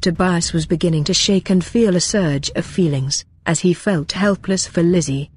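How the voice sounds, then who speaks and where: Woman storyteller, low husky voice, steady plain sci-fi narration. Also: normal speed. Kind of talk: reading an amateur sci-fi story.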